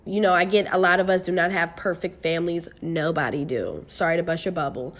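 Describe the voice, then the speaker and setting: A woman's voice: on the low side, a little fast. Candid young woman podcast host. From United States. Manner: candid, profane, animated with bursts of laughter. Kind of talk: casual solo podcast chat.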